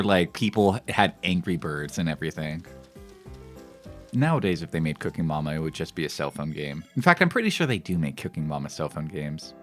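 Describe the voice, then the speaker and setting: A man streaming a cooking game, chatting casually and making crude, rambling jokes with lots of fillers. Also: deep voice. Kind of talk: casual gameplay commentary.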